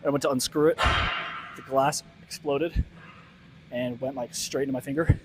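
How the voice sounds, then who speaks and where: A man out of breath in a gym, talking casually to a nearby camera between his weightlifting sets in a halting, breathy way. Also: mid-range voice, fairly even intonation, background noise. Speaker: weightlifter vlogging his workout. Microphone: camera set up nearby in the gym.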